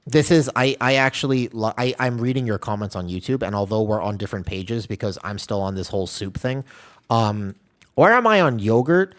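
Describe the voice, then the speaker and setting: A man's voice: on the low side, fairly quick. A man streaming a game, chatting casually and rambling while answering his chat.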